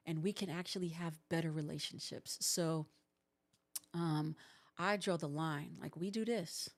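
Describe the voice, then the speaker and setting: A woman in her forties, a host and counselor, giving earnest relationship advice on a livestream and acting out what couples say. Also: on the low side. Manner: earnest, coaching, acts out couples' lines.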